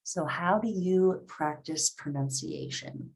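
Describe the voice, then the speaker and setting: Slow-spoken woman teaching English online. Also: lowish voice. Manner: encouraging, reads chat comments aloud. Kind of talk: live online class.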